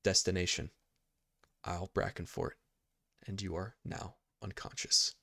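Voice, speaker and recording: A man's voice: sits low, level tone, measured pace, creaky, bright, forceful tone, dry recording, studio quality. A man running a tabletop game as game master, reading scene narration and often stopping to correct himself. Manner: laughs easily, stumbles and corrects himself while reading. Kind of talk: reading tabletop narration and playing side characters.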